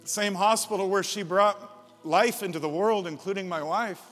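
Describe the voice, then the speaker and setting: A male pastor with a notably high voice delivers a sermon, swinging between hushed reflection and loud, emphatic declarations. His voice carries a long hall reverb, with soft music underneath. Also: moderate pace. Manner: builds from quiet to loud emphatic preaching.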